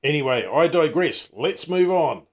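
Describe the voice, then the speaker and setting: A man's voice: on the high side, animated, a little slow. A middle-aged man hosting a casual comedy vlog, full of wry, self-mocking asides and teasing jokes. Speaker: channel host.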